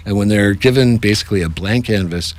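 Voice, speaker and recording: A man who runs improv workshops, talking in a casual, jokey interview with animated asides. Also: on the low side, brisk. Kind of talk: casual radio-style interview.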